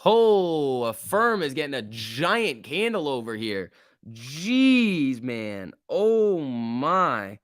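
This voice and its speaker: Excitable man calling a live market. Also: fairly high pitch, extremely slow, no room sound, studio quality. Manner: excitable, reacts aloud and reads chat. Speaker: livestream host. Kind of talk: casual live market commentary.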